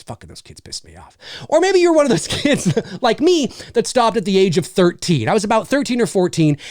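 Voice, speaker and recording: A man's voice: sits high, gravelly, no echo, clean studio sound. A man in his forties hosting a casual vlog, ranting comically and swearing freely to the camera. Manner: animated, profane, comically ranting. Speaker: YouTube host.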